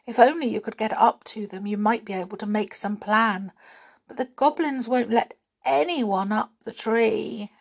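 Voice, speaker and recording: A woman voicing a small, worried male red squirrel in a children's storybook, with a breathy voice. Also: on the high side, moderate pace, pitched above the performer's own voice. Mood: hopeful.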